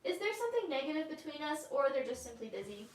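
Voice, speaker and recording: A woman with a high voice reads out viewers' questions at a brisk clip. She sits some distance from the microphone, and the room adds a noticeable echo. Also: very animated. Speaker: co-host reading viewer questions. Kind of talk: reading questions aloud.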